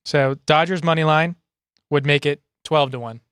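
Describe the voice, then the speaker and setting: A man co-hosting a sports podcast in a studio, calmly reading out the next topics in casual chat. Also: moderate pace, clean tone, dry recording. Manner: reads out topics, low-key and matter-of-fact. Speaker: producer and co-host.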